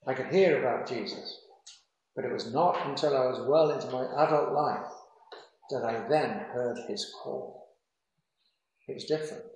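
Earnest preacher in a very echoey church. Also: male voice, medium pitch, a little mellow. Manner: earnest, measured, with slow emphatic phrases. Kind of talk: sermon. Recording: very echoey hall.

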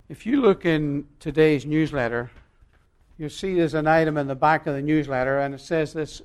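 A male pastor preaching a sermon, emphatic and swinging between loud and quiet, telling stories with long pauses. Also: on the high side, clear, resonant tone.

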